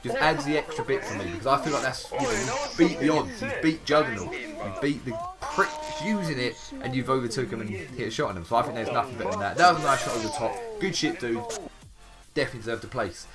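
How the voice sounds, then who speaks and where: A young man with an English accent giving casual, chatty commentary over game clips, swearing freely and handing out quick praise. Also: mid-range voice, expressive. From England. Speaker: gaming YouTuber. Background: background music.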